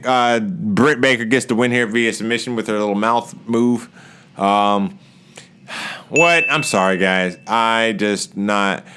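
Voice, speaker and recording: A man reviewing a wrestling episode in a casual, chatty way. His voice is bright and lively, swinging widely in pitch as he jumps into raised voices to act out wrestlers' lines. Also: clean tone. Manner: animated, laughs often, acts out wrestlers' lines in raised voices. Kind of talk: casual recap commentary.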